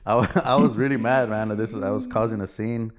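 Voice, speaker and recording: Laid-back, low-voiced man telling rowdy stories. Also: fairly even intonation, normal speed. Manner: rambling storyteller, laughs often, acts out quotes. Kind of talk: casual podcast chat.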